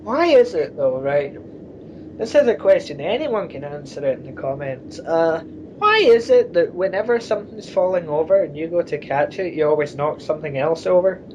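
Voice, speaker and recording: A blunt, sarcastic man rambles in a casual chat and swears now and then. His voice sits a bit high. The sound is dull and lo-fi, with faint noise behind him. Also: expressive, normal speed. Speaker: co-host.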